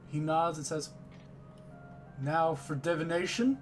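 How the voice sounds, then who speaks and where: A man narrating as game master of a tabletop game, speaking in slow, deliberate phrases with many pauses. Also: a little high, music in the background.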